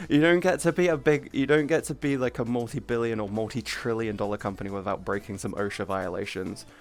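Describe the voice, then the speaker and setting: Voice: mid-range voice, fairly even intonation, a little fast, faint music behind. A streamer in casual livestream chat, talking animatedly, swearing freely and often restarting sentences.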